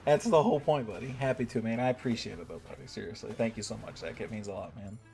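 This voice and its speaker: A man's voice: lowish voice, fast talker, vocal fry, a little mellow, faint music behind. Chatty American man streaming a game. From United States. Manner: chatty, reads out and thanks chat donors. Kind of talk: casual livestream commentary.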